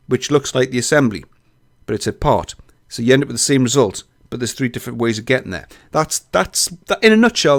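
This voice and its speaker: A man presenting a casual software tutorial, chatty and informal, acting out both sides of his stories. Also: medium pitch. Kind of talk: casual screen-recorded tutorial.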